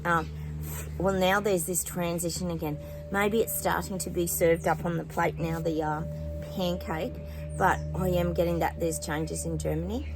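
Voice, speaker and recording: Woman, psychic channel host, low-pitched, rambling chatty delivery, music playing behind. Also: steady tone, normal speed, vocal fry, rough recording. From New Zealand. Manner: chatty, rambling, lots of fillers and asides to viewers. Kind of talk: casual spoken predictions to viewers.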